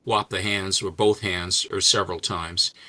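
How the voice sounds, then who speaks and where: An older man hosts a casual chat, his low, bright, forceful voice holding a level tone at a moderate pace. He rambles through stories and jokes while showing comics, chatty and joking throughout.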